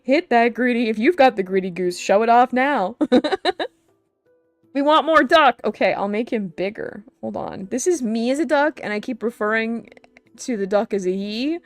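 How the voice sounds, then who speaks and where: Giggly, excitable woman streamer. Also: on the high side, no room sound. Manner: giggly and excitable, laughs often. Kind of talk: casual live-stream chat.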